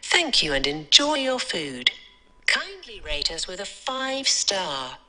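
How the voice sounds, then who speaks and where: A woman's voice: medium pitch, sing-song, slow pace, pushed and bright, exaggerated voice. A woman voicing a polite, tone-deaf female AI customer care agent who talks in scripted service phrases. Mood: bright scripted.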